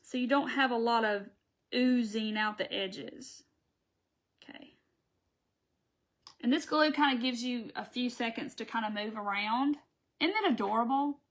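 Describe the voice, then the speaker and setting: A woman's voice: fairly high pitch, unhurried, long pauses, a bit bright. A woman hosting a live craft tutorial, chatting folksily with viewers as she works. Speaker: craft channel host.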